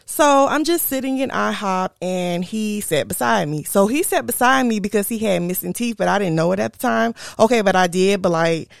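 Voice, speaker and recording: A woman's voice: medium pitch, moderate pace, vocal fry, hardly any pauses, no room sound, studio quality. Chatty young woman telling a story. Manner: chatty, animated, addresses listeners as y'all. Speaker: podcast host. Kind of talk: casual storytelling.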